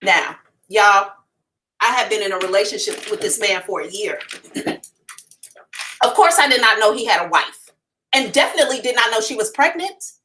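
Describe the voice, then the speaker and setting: A woman hosting a psychic livestream, telling a story to her viewers in a frank, animated way, swearing casually and addressing them directly. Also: mid-range voice, moderate pace, pauses often, recorded from a distance, poor audio. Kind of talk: storytelling to a live audience.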